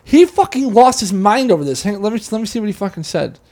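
Fast-talking, high-voiced man telling a rambling story. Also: big pitch swings, a little mellow. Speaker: podcast host. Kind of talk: casual chat.

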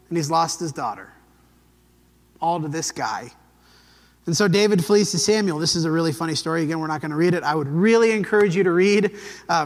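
A man teaching a Bible lesson in a relaxed, conversational way, telling the story and briefly acting out the quotes. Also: high voice, long reverb tail.

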